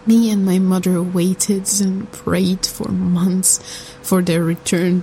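Female narrator, slightly low, slow and soft, sombre storytelling over faint noise. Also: little pitch movement, low-quality recording. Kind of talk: scripted first-person storytelling.

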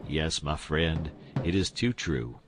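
A man's voice: very deep voice, lively intonation, slow, music in the background, heavily acted. A man voicing a sly old balding con-man who poses as a king, speaking in folksy, sobbing tones. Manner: folksy, sobbing, rustic grammar.

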